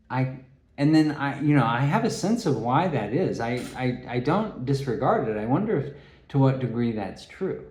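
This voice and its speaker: A man giving a rambling solo talk, halting and restarting his phrases. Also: mid-range voice, lively intonation, a little mellow. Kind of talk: rambling spoken monologue. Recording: echoey room.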